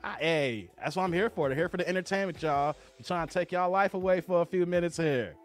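A man's voice: high-pitched, fast, soft background music. A man hosting a live stream, laughing and teasing as he reads the chat aloud. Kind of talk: casual live stream commentary.

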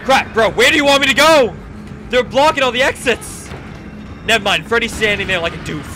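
A young man doing let's play commentary, excitable, reacting loudly and laughing. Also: extremely high pitch, brisk, over music. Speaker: gaming YouTuber.

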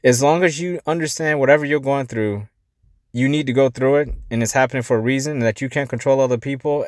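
A man hosting a motivational life-coaching podcast. He talks bluntly, swears, and swings between quiet asides and emphatic pushes. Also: medium pitch, no room sound, studio quality. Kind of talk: motivational monologue.

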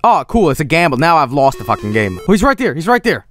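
A male streamer swearing his way through a hard game. His somewhat high voice swings wildly between grumbles and shouted protests, with faint game music playing behind him. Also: big pitch swings, fast talker. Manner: exasperated, profane, frequent yelled protests. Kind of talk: gaming stream commentary.

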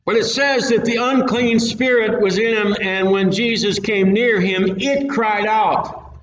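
Guy preaching, high voice, kinda far off the mic, folksy and plain, echoey muffled room. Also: fairly even intonation, unhurried, fairly bright tone, slight background noise. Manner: plain-spoken, folksy and emphatic. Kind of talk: casual Bible-teaching sermon. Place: church hall with a live audience. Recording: echoey room, mic at a distance, dull sound.

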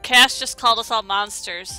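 A woman's voice: on the high side, moderate pace, pushed and bright, soft background music. A woman gaming with friends, easygoing and giggly in casual chat. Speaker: gamer playing with friends.

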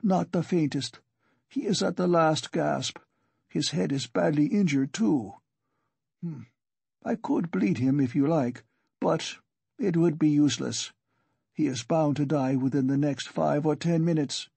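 A man voicing a precise, mistrustful old doctor who gives a grim verdict in a flat, clinical way. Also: fairly high pitch, a little slow, creaky, breathy edge, dry recording, voice pushed up, exaggerated voice. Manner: blunt, clinical, matter-of-fact.

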